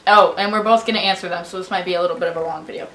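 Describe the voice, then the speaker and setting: A young woman hosting her own channel, chatting casually and rambling with a friend at home, breaking into loud laughs. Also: lowish voice, fairly even intonation, racing. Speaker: channel host. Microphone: camera on tripod.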